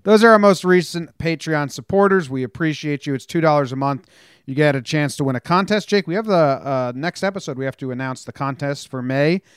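A man hosting a casual sports podcast, upbeat and joking in fast banter with his co-host. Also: fairly high pitch, smooth, no echo, clean studio sound. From New Jersey.

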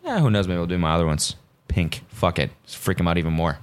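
A man's voice: sits low, very animated, quick pace. A man hosting a solo podcast, rambling casually and swearing freely as he tells stories. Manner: profane, rambling, self-mocking. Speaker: podcast host.

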